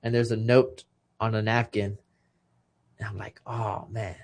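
A man's voice: on the low side, little pitch movement, unhurried, a little mellow. A man in his thirties, a retired boxer as podcast guest, telling a personal story with feeling and acting out the lines of other people. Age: 30s. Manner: emotional storytelling, acting out quoted dialogue. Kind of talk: casual podcast conversation.

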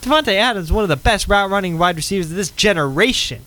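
A man co-hosting a casual sports podcast, talking in quick, excitable bursts and laughing often. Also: sits high, rough recording. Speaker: podcast co-host.

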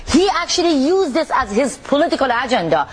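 A woman's voice: high-pitched, very animated, brisk, slight background noise. A woman from the Middle East, an activist guest speaking indignantly in a televised interview. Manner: indignant, forceful, pointed.

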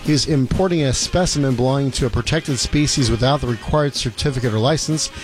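A man's voice: medium pitch, fast talker, soft background music. Matter-of-fact man reading a news item.

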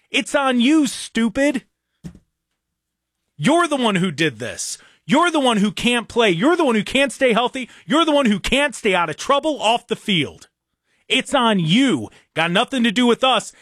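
A young adult man with an extremely high, fairly bright voice hosts a sports talk radio show, ranting in an exasperated, emphatic way. The recording is clean studio sound with no room echo.

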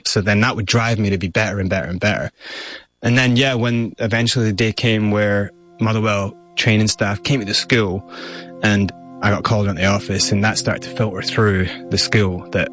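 A man's voice: fairly low pitch, fairly even intonation, normal speed, a bit bright, soft background music. A man with a Scottish accent, raised partly in South Africa, candidly recounting his life as an interview guest. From Scotland, raised in South Africa. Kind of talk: personal storytelling.

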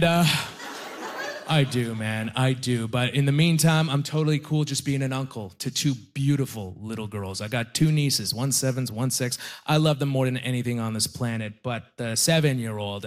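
A man performing a stand-up comedy set, telling stories with animated, self-deprecating punchlines. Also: mid-range voice, moderate pace. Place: comedy venue with live audience.

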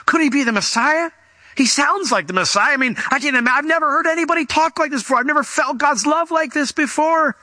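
A man voicing an incredulous hometown villager in an exaggerated, high sing-song way. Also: fast talker, bright, forceful tone, no room sound, full character voice. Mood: awed.

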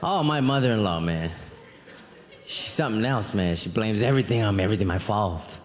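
A man doing a stand-up routine, rambling and animated through his stories with frequent asides. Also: on the low side, fairly quick. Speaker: stand-up comedian. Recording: echoey live hall, faint crowd.

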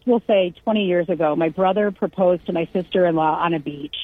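Chatty low-voiced woman on a phone-like line. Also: a little fast, husky, no echo. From California. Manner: lively storyteller who acts out quoted voices and laughs. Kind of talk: casual storytelling chat. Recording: dry, narrow phone-like radio sound.

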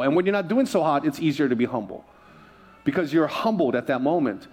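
A man's voice: on the high side, expressive, a little fast, a little mellow. A male pastor preaching a sermon, mixing humorous stories with repeated phrases and calls to the congregation. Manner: asks the congregation for responses.

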